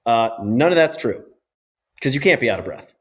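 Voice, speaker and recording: Animated, emphatic male physiotherapist. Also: mid-range voice, moderate pace. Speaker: physiotherapist guest. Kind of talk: podcast interview.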